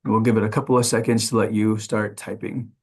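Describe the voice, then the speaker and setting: A man's voice: on the low side, flat delivery, fast, a little mellow, breathy edge. A man moderating a webinar over a video call, giving housekeeping announcements in an upbeat, encouraging, conversational way.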